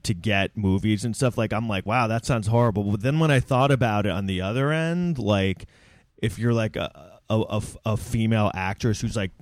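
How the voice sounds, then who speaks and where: A man with a fairly low voice talks in loose, rambling podcast chat, full of filler and jokes. He breaks into quick mocking impressions now and then. The sound is dry and close, with no room in it. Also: lively intonation, dry recording. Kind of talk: casual chat.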